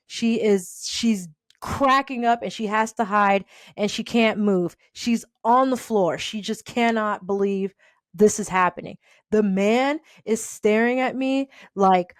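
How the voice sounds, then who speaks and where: A woman casually telling a personal story, animated and laughing often as she acts out the people in it. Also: medium pitch, measured pace, dry recording, clean studio sound.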